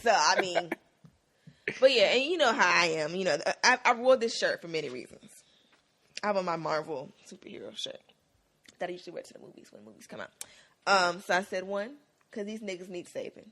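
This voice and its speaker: Female podcast co-host, lively pitch, slangy, laughing storyteller. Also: fairly quick. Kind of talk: casual TV recap chat.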